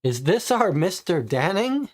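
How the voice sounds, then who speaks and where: A man's voice: high voice, sing-song, measured pace. A man playing a co-op mystery board game, reading the case entries and thinking aloud, puzzled about the clues. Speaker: game player and host.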